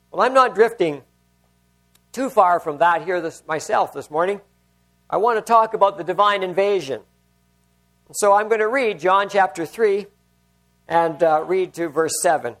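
An older man, a pastor, preaching a sermon in a conversational way and telling personal stories. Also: high-pitched.

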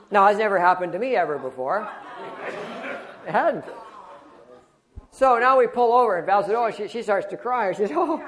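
Animated pastor telling a story. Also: male voice, brisk. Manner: animated storytelling, shifting from loud exclamations to low murmurs. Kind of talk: sermon with personal story.

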